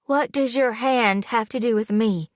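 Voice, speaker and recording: A woman's voice: fairly high pitch, unhurried, no echo, studio quality, pitched above the performer's own voice, lightly acted. A woman voicing a hurt young fiancée, pleading in a shaky, emotional voice in an audiobook. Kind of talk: audiobook character voice.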